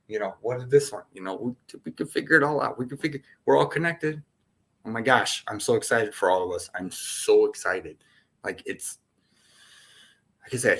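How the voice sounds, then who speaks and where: A man's voice: lowish voice, a bit bright. Man, spiritual session host; loose, playful, wandering delivery with frequent laughs. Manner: playful, laughs often, jumps between topics. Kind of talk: casual rambling spiritual talk.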